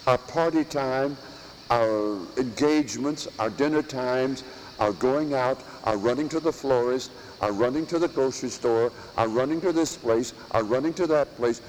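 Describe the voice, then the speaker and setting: Slow, emphatic preaching priest. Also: male voice, mid-range voice, a little mellow, in a large hall, slight background noise, poor audio. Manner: slow, emphatic preaching with long pauses and rhetorical questions. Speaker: priest teaching at a monastery. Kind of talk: sermon. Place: church or monastery chapel.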